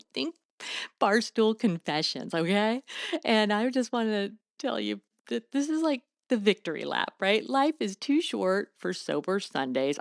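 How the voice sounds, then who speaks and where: A woman's voice: fairly low pitch, vocal fry, no echo. A middle-aged woman hosting a radio show with folksy, playful country patter and drawled exclamations. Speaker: radio host.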